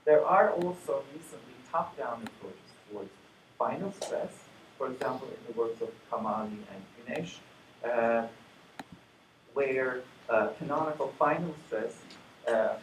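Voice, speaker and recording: A man giving a conference lecture, talking in a halting way with many fillers and restarts. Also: mid-range voice, animated. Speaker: conference plenary speaker. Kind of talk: academic lecture. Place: lecture hall. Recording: echoey hall, distant mic, noisy.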